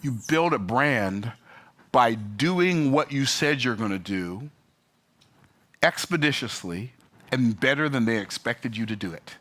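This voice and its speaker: A man telling a story and ranting about customer service, emphatic and animated with sudden pitch jumps. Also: measured pace. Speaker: business vlogger. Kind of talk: opinionated talking-head rant.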